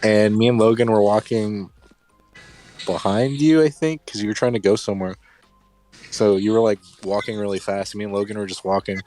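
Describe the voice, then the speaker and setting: A man's voice: fairly low pitch, normal speed, soft background music, rough recording. A young man co-hosting a podcast, telling stories in a casual, profane way. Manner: profane, animated storyteller. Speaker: podcast co-host. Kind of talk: casual chat among friends.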